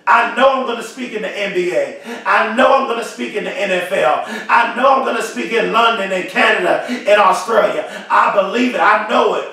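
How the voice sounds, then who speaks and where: A man's voice: high-pitched, normal speed, gravelly, few pauses, pushed and bright. A man giving a motivational speech in an emphatic, repetitive, preacher-like way. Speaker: motivational speaker. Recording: very echoey, from far off the mic.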